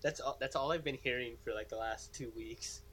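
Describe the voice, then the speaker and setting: A man's voice: medium pitch, brisk, fairly bright tone. A man co-hosting a casual podcast, tossing in dry, teasing quips. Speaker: podcast co-host.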